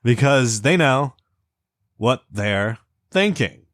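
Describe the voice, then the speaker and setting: Halting, grumbling man on a dry podcast mic. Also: medium pitch, lively intonation, fairly bright tone, dry recording. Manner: halting, self-interrupting, complains while reading. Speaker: podcast co-host. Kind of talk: casual podcast banter, reading a transcript aloud.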